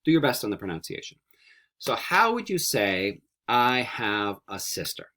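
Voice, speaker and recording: A man teaching a recorded beginner Spanish lesson, repeating each word slowly three times for students to echo back. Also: mid-range voice. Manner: slow repetition drills, animated.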